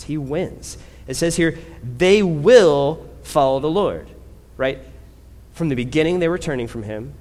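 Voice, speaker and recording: A male preacher delivers a sermon in a conversational way, often tagging his points with "right?". He grows louder and slower when he drives a point home, and his voice carries a long hall echo. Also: medium pitch, slight background noise.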